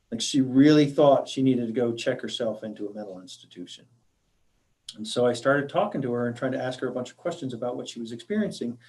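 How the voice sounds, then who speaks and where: A man speaks as a hospice grief counselor, presenting to a library audience. His mid-range voice moves in a thoughtful, halting way, full of small fillers and restarts as he explains. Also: medium pitch, a little mellow.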